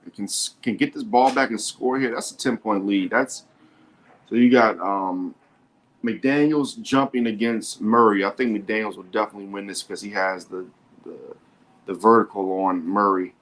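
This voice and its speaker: A man hosting a sports show, commenting live on a basketball game in an excitable way and often repeating himself. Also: lowish voice, normal speed.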